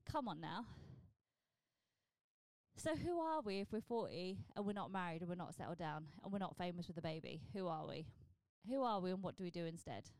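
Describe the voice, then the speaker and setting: A woman's voice: fairly low pitch, lively intonation, fast, hardly any pauses, a little mellow, no room sound. Blunt, sweary woman comic in her forties. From southern England. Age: 40s. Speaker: stand-up comedian and podcast host. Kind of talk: casual solo podcast monologue.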